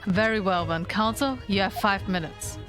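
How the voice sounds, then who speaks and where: Girl doing a slow formal judge voice, music under it. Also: medium pitch, fairly bright tone, close to an everyday voice. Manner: formal, deliberate. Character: measured stern courtroom judge, male. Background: game music.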